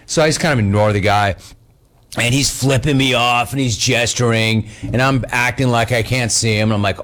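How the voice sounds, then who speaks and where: A middle-aged man hosting a talk radio show, telling exasperated stories in a casual, animated way. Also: medium pitch, normal speed.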